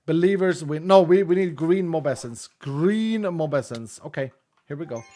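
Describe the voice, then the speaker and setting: A man's voice: fairly high pitch, normal speed, warm tone. A man streaming a game, chatting casually and rambling, often laughing. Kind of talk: casual gaming commentary.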